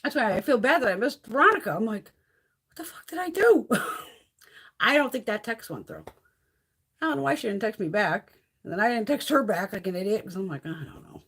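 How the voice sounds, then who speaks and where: A woman's voice: medium pitch, lively intonation, fast talker, fairly bright tone, slightly rough. A middle-aged woman chatting casually and profanely on a beauty live stream, laughing often.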